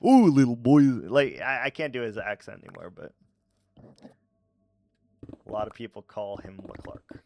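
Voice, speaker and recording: A man's voice: mid-range voice, very animated, moderate pace, gravelly, long pauses, mellow, slight background noise. A man streaming live and chatting casually with his viewers, laughing often and stammering through his reactions.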